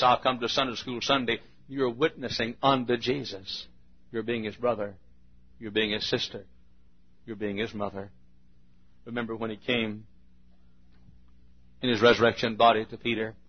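An older male pastor tells his sermon like a folksy story, dropping to a hush and then breaking out loud. His voice is husky. The recording is dull and lo-fi, like an old archival tape. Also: mid-range voice. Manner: folksy storytelling, swings from hushed to loud bursts.

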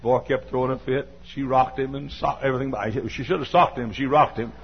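An older Southern American man preaches in a mid-range voice, brisk and fairly even in intonation, spinning a folksy story while now and then scolding his listeners and bursting into shouts. It's a dull lo-fi sermon recording with slight background noise.

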